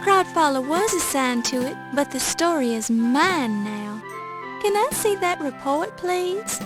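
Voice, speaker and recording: A woman's voice: high-pitched, expressive, unhurried, over music. An actress playing a young, determined woman newspaper reporter in a video game, polite but firm. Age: young adult.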